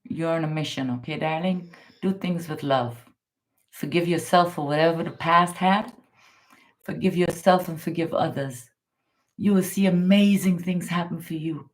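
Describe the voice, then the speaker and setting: At a normal speed, a Guyanese tarot reader leads a live session, using darling and baby for the listener and repeating their name. Her tone swings from excited and high to low and hushed when advising.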